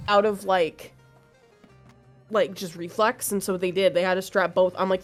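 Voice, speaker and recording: Woman, casual chat, animated storyteller, music faintly behind. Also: medium pitch, normal speed. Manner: animated storytelling, acts out quotes. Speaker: streamer co-host. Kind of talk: casual chat while gaming.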